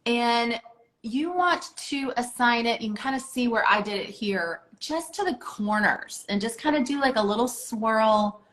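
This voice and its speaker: A woman's voice: fairly high pitch, lively intonation, a little slow, fairly bright tone, rough recording. Woman walking someone through eye makeup step by step, encouraging, lots of "like" and "you know". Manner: encouraging, hands-on coaching with filler words. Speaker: makeup instructor. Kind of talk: instructional makeup tutorial.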